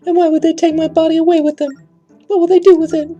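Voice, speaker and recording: A man voicing a gentle ghost princess, a young woman, in a very high airy falsetto, speaking earnestly and pleadingly. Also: level tone, fast talker, lo-fi sound, faint music behind.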